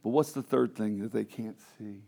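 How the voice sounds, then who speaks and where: A man preaching a sermon as pastor, moving between soft, confiding asides and loud, fervent preaching, often asking the congregation questions. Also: fairly low pitch, normal speed, creaky. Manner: swings from quiet, intimate asides to loud, impassioned preaching.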